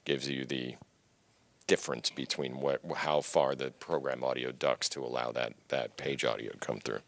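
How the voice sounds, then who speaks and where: A man co-presenting a technical training session, calmly explaining how the audio routing works. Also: a bass voice, moderate pace, creaky.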